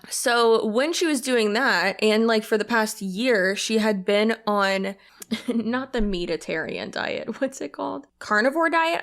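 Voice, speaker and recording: A woman's voice: mid-range voice, a bit bright. Chatty young woman giving commentary. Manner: chatty, lots of "like" fillers, emotional. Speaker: commentary YouTuber. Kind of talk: casual commentary.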